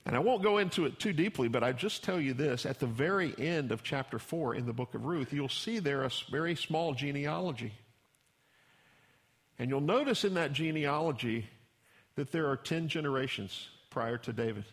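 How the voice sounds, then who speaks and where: A man's voice: fairly high pitch, expressive, normal speed. A man pastor preaching a sermon in a folksy storytelling way, acting out the characters he describes.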